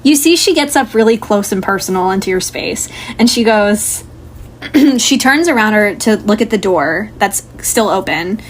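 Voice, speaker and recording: A woman's voice: medium pitch, expressive, moderate pace, a little hiss or hum. A young woman narrating as game master in a casual college tabletop game podcast, rambling with fillers. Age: young adult.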